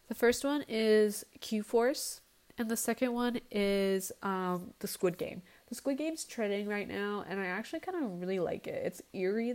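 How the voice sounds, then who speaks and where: A woman's voice: medium pitch, darkish tone. A young woman hosting her own casual podcast, talking in a rambling, blunt and profane way without a proper microphone. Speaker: podcast host. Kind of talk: casual solo podcast chat.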